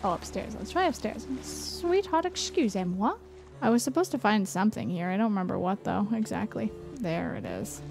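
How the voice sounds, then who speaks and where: A woman streamer giving casual gameplay commentary, excitable and sweary. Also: mid-range voice, fairly quick, creaky, few pauses, over music.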